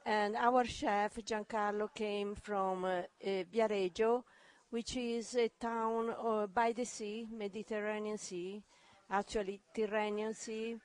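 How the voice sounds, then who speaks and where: A woman with an Italian accent, representing a restaurant in a radio interview, speaking haltingly and often searching for words. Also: mid-range voice, level tone, no room sound.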